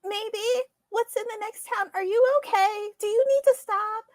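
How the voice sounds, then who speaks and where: A woman plays her character in a tabletop game, friendly and quick with a touch of apology. Her voice is very high. It sounds close and dry. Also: fairly even intonation, no echo. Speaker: player.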